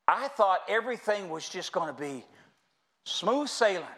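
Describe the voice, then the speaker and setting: A man's voice: high voice, animated, moderate pace, a bit bright. A middle-aged American man preaching a sermon in church, folksy and storytelling, calling the congregation y'all. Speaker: pastor. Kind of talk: sermon with humor. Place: church sanctuary.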